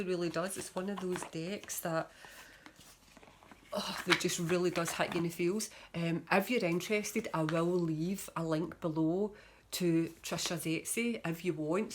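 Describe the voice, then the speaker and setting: A woman with a slightly low-pitched voice talks chattily to her camera in a casual show-and-tell vlog. She gushes as she shows off her tarot cards, with a lot of fillers along the way. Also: normal speed, a little hiss or hum. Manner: chatty and gushing, with frequent fillers. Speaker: tarot reader.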